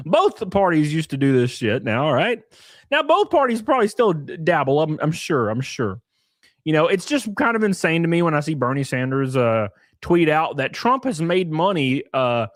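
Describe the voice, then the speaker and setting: A man's voice: sits high, no room sound, clean studio sound. A man hosting a live stream, ranting with lots of swearing and reading out viewer chat messages. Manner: profane, animated ranting; reads viewer chat aloud.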